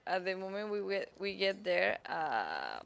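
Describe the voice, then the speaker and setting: A woman's voice: medium pitch, huge pitch swings, a little slow, vocal fry, fairly bright tone. A woman playing in a tabletop role-playing game, chatting casually and playfully with frequent laughs. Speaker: player.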